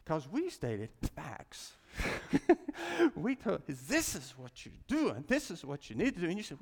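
A man teaching a class in a loose, rambling style, laughing at his own asides. His voice is gravelly and lively, rising and falling a lot. The sound carries a long hall reverb. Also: high voice, unhurried. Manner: rambling, chuckling, folksy asides.

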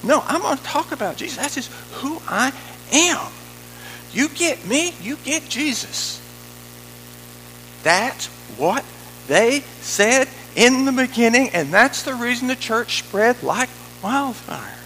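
A male preacher with a high, bright voice that swings widely in pitch. His tone is gravelly. He preaches an emphatic sermon, breaking into casual asides to the congregation. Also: big pitch swings, takes it slowly, a little hiss or hum, low-quality recording.

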